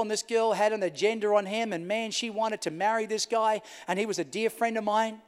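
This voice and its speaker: A pastor in the middle of a sermon, telling his story with a storyteller's swings between loud bursts and near-whispers. His voice sits fairly high for a man. It carries through a large hall with a long trailing reverb. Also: fairly even intonation, brisk, few pauses, clean tone, a faint crowd. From Australia. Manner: storytelling, rising loud and falling to a hush.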